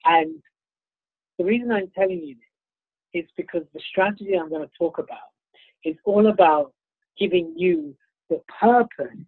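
A man's voice: high-pitched, animated, moderate pace, gravelly, long pauses, no room sound. A British man giving an upbeat, self-promoting keynote talk, slightly congested with the sniffles. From United Kingdom. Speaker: keynote speaker. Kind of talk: motivational presentation. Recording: tinny phone-like dry line.

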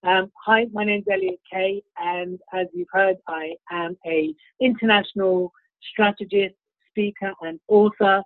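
A man's voice: high voice, steady tone, measured pace, dry recording. A British man giving an upbeat, self-promoting keynote talk, slightly congested with the sniffles. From United Kingdom. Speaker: keynote speaker. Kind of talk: motivational presentation. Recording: tinny phone-like dry line.

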